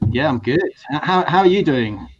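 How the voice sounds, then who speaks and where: A man's voice: on the high side, animated, normal speed, slight background noise. A man hosting a casual video-call talk show, chatty and hesitant, often restarting his sentences. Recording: dull lo-fi stream audio.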